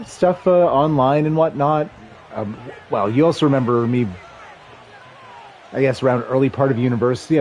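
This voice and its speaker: Excitable man calling a football video game. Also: medium pitch, a little hiss or hum. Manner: chatty, excitable, rambling asides. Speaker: livestream gamer and commentator. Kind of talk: casual play-by-play chat with chat.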